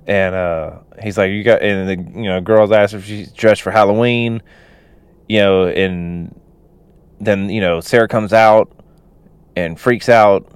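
Rambling man with a smooth, dry voice. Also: on the low side, fairly even intonation, measured pace, dry recording. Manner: rambling, many fillers like "you know" and "like"; laughs while retelling. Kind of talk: casual movie recap.

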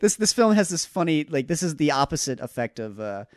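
A man's voice: fairly high pitch, sing-song, no room sound, clean studio sound. A man co-hosting a podcast, reviewing a film in a casual, thoughtful way with frequent restarts. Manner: thoughtful, halting restarts, laughs easily. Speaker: podcast co-host.

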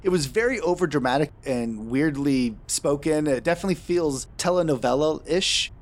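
A man's voice: fairly high pitch, expressive, normal speed. A man running a tabletop game as game master, narrating scenes with dry, wry asides.

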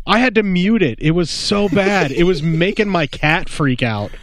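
A man's voice: sits high, expressive, moderate pace, dry recording, clean studio sound. A man co-hosting a casual film chat, blunt and ranting, swearing freely. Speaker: podcast co-host. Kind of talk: casual chat about films.

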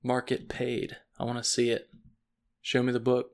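A man playing a tabletop game, deadpan and teasing. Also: medium pitch, moderate pace. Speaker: player. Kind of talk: casual tabletop game play.

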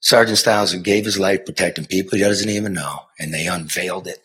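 A middle-aged man, a former TV news reporter, telling a personal story in an earnest, conversational way, moving from hushed to impassioned. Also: deep voice, fast talker. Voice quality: raspy. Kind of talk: earnest spoken storytelling and banter.

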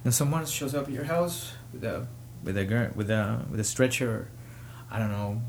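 A man hosting his own show, giving personal commentary with emotion, pausing often and rising to indignation. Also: mid-range voice, a little hiss or hum. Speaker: podcast host.

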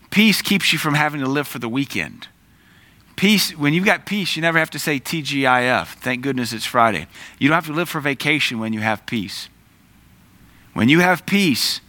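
A man preaching a conversational sermon, pausing to search for words and telling stories on himself. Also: mid-range voice, pushed and bright, dry recording. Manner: conversational preaching with asides and self-corrections. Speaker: pastor.

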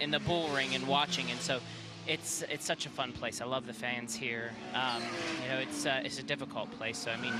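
A man, a race car driver, being interviewed in the pit lane, answering in a halting, stumbling way while he watches telemetry. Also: medium pitch. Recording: loud race car noise behind. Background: race cars running.

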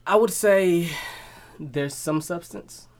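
A woman's voice: lowish voice, slow, a little mellow. A woman co-hosting a casual sports chat, blunt and joking, swearing freely. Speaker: podcast co-host.

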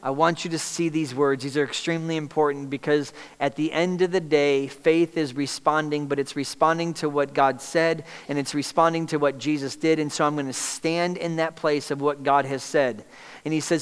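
A man's voice: on the high side, steady tone, brisk, smooth. A man preaching a sermon as pastor, asking the congregation to call out missing words. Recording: long reverb in a large hall.

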